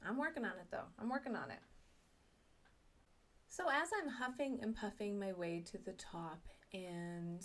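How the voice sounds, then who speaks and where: A middle-aged woman telling a personal story, self-mocking and animated, acting out her own thoughts. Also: on the low side. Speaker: speaker sharing a personal story.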